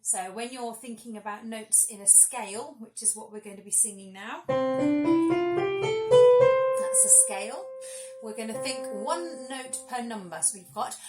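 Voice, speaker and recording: A woman leading children through a singing warm-up, giving clear and encouraging instructions. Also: fairly high pitch, normal speed, music in the background. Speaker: singing teacher.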